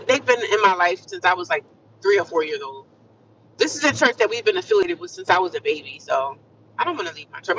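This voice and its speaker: A woman's voice: mid-range voice, fairly bright tone, a little hiss or hum. Upbeat woman livestreaming from a car, chatty and affirming, caught a bit far off on a muffled phone mic. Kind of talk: casual livestream chat. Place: inside a car. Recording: distant, muffled phone audio.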